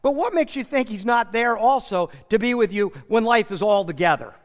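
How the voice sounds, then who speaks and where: A man preaches a sermon with a high voice and a lively, sweeping delivery. He acts out the lines he quotes as he goes. The sound carries a long hall reverb. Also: moderate pace. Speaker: pastor.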